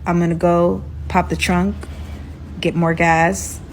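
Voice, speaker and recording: Menacing dude on the run, blunt and threatening, girl doing his voice a bit lower. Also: level tone, slow, a little hiss or hum. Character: menacing young man on the run.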